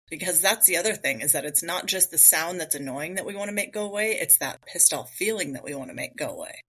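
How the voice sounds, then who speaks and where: A woman with a low-pitched, sharp voice hosts a solo podcast on mindfulness, thinking aloud casually and asking many rhetorical questions. The reflective talk is captured in a low-quality recording.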